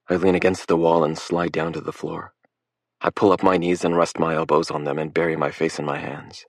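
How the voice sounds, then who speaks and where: A man reading a first-person story aloud in an even, measured way. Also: a bass voice, dry recording, clean studio sound. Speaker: audiobook narrator.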